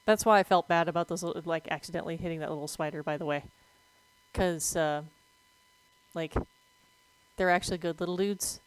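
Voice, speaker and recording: A woman streaming a game and chatting casually about veterinary topics, moving between relaxed talk and excited yelps at the game. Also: lowish voice, brisk, pauses often, smooth, rough recording. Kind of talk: casual gameplay commentary.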